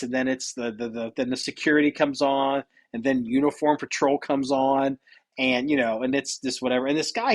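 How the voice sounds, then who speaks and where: A man hosting a podcast, telling stories in loose, rambling casual chat with some swearing. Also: medium pitch. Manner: rambling, profane storytelling. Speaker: podcast host.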